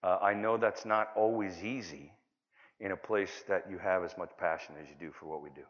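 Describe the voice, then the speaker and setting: A middle-aged man doing a stand-up comedy set at a conference, telling rambling stories full of restarts and sudden loud bursts. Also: normal speed. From California. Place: conference hall. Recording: dull, boomy conference hall recording.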